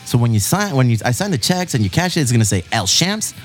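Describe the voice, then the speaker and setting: A man's voice: mid-range voice, big pitch swings, quick pace, soft background music. A man in his forties hosting a casual podcast, laughing often, swearing freely and stretching out headlines for emphasis. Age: 40s. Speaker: podcast host.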